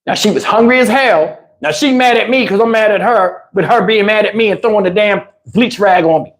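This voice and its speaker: A man telling a comic story on a livestream in an animated, emphatic, slangy way, with lots of cursing, into a lapel mic. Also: high voice, fairly quick. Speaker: livestream host. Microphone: wireless lapel mic.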